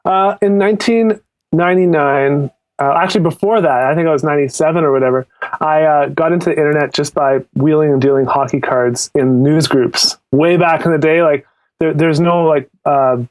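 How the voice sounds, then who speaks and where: A male podcast guest with a slightly higher-pitched voice, telling a story in a relaxed, meandering way with plenty of fillers. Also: normal speed, rough recording. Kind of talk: casual interview answers.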